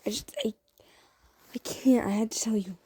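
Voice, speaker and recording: A flustered young man, as a woman acts him out, stumbles through a breathy, half-whispered confession. His voice is mellow and soft-edged, and he keeps stammering and restarting. It is a whispered role-play. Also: on the high side, moderate pace, dry recording.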